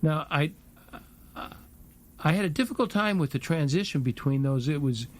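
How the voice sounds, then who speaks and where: A middle-aged man hosting a talk radio show, speaking in a halting way and repeating words as he thinks. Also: fairly high pitch, expressive. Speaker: host.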